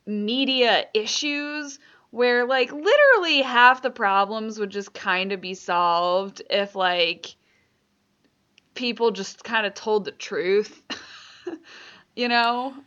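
A woman's voice: a little high, expressive, slow, a bit bright, clean tone, dull audio. A woman co-hosting a casual podcast chat, talking freely with frequent laughs and fillers. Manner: chatty, laughs often, many fillers. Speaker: podcast co-host.

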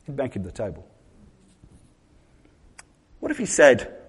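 A man preaching a sermon, retelling scenes in lively acted-out voices. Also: mid-range voice, normal speed, pauses often, slightly rough. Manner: animated storytelling, acts out quoted voices.

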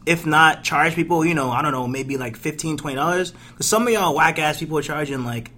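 A man's voice: fairly high pitch, fairly quick, sharp tone. A young man co-hosting a podcast in casual chat, joking and swearing as he teases. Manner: joking, profane, teasing. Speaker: podcast co-host.

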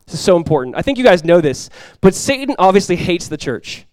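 Quick-talking pastor preaching. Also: male voice, sits high, no room sound, clean studio sound. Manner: animated storytelling, drops quiet and slow for emphasis; conversational, many fillers like "like" and "you guys". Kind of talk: sermon.

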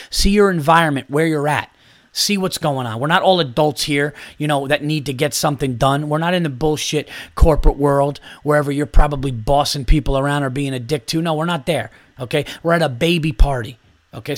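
A man's voice: a little high, dry recording, clean studio sound. Foul-mouthed man ranting sarcastically. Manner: heated, sarcastic, swears constantly; mock-polite voice for imagined replies. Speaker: podcast host; father of a young child. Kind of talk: profane comedic rant.

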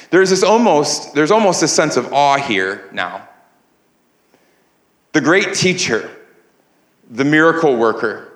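A man's voice: on the high side, a bit bright, echoey room. A man preaching a sermon as pastor, earnest, repeating words as he builds emphasis. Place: church sanctuary.

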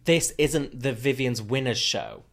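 A man's voice: mid-range voice, animated, a little slow. A man co-hosting a podcast, chatting casually with sarcastic, rambling jokes. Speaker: podcast co-host. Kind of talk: casual recap chat.

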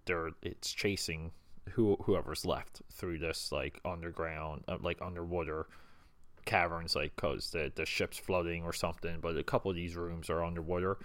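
A man's voice: sits low, steady tone, moderate pace, fairly bright tone, no echo. A man hosting a casual solo chat show, rambling and hesitant, with many fillers and restarts, sounding a little hungover. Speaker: podcast host.

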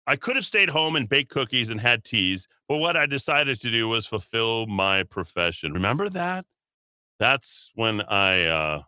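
A man's voice: mid-range voice, pushed and bright, smooth, dry recording, clean studio sound. A man hosting political talk radio, speaking in a sarcastic, mocking way. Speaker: radio talk show host.

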